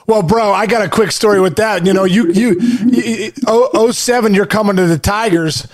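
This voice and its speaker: A man's voice: high-pitched, normal speed. A man hosting a podcast, a former ballplayer, telling stories animatedly with laughs and stumbling restarts. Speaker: podcast host, former baseball player. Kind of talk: casual podcast interview.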